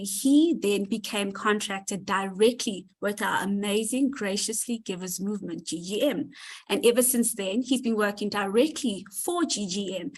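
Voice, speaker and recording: A woman's voice: mid-range voice, rough recording. A woman speaking to her online community on a call, heartfelt and gushing, close to tears. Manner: heartfelt, gushing, thanks people by name. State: near tears. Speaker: community leader presenting to members. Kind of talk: emotional speech on a live community call.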